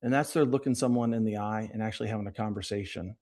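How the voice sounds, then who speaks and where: A man being interviewed on a podcast, speaking directly and energetically, often acting out quick bits of sales dialogue. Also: on the low side, darkish tone. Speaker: podcast guest, sales leader. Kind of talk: conversational interview.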